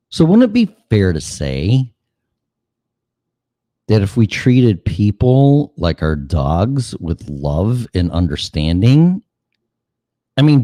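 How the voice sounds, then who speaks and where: A man's voice: on the low side, dark tone, no echo. A man hosting a show, delivering a sarcastic, profane ranting monologue full of mocking asides. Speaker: show host.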